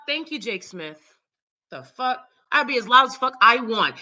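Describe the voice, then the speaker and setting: A woman hosting her own live stream, ranting loudly and cursing heavily in casual talk. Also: a little high, very animated, moderate pace, rough recording. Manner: loud, profane, heated. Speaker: channel host.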